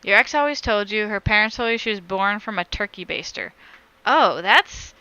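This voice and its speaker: A woman's voice: mid-range voice, expressive, moderate pace, pushed and bright, clear, resonant tone, no echo, highs cut off. A woman on a crochet live stream, chatting casually as she reads viewer comments aloud and answers them.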